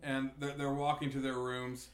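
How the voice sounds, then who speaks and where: A man's voice: medium pitch, monotone, moderate pace, roomy sound. A man telling teasing stories about a friend in casual chat, laughing often. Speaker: friend on a trip.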